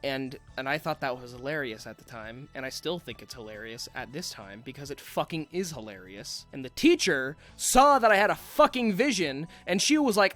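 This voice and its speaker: A man's voice: mid-range voice, expressive, moderate pace, hardly any pauses, sharp tone, soft background music. A man in his twenties telling a rambling, sweary, self-mocking story about his school days. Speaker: vlogger. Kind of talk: casual storytime rant.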